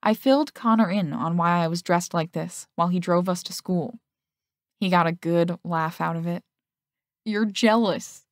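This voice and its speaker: A woman narrating a first-person romance audiobook in a steady storytelling manner. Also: on the low side, moderate pace, no echo, clean studio sound.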